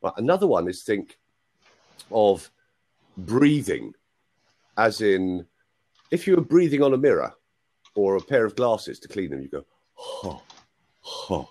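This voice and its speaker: A man's voice: lowish voice, sing-song, unhurried, pauses often, darkish tone. A man working as a voice coach on a video call. He has a cold and coughs, and he explains patiently, often checking with "right?".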